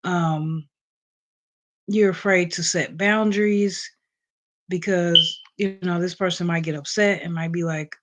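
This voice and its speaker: A woman's voice: on the low side, steady tone, unhurried, noisy background. A woman hosting a casual livestream, just out of bed, reading points from a list with plenty of ums and chatting with her viewers. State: just woke up. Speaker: livestream host.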